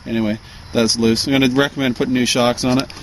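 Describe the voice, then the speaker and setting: A man's voice: medium pitch, quick pace. A man casually showing how to check a truck's front end outdoors, rambling with lots of ums and uhs as he works. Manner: relaxed, rambling, full of ums and uhs while working. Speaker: DIY mechanic showing truck repairs. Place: outdoors beside a truck, away from the house. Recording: noisy outdoor recording.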